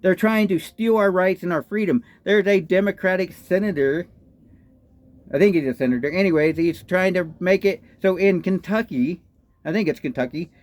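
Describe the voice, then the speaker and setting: A man's voice: sits high, darkish tone. A man with a Texan accent ranting in a political commentary, indignant and firing off repeated rhetorical questions. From Texas. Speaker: political vlogger.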